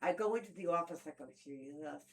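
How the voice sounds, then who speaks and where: A woman's voice: mid-range voice, lively intonation, a little fast, low-quality recording. An older woman in casual conversation, telling long personal stories, acting out quoted voices and talking often about God. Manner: storytelling with acted-out quotes, preachy about God. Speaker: stepmother in family talk.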